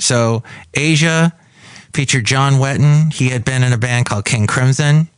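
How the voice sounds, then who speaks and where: A man's voice: mid-range voice, a little slow, smooth, no echo. A man hosting his own podcast, chatting in a rambling, digressive way and correcting himself as he goes. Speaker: podcast host. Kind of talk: rambling solo podcast chat.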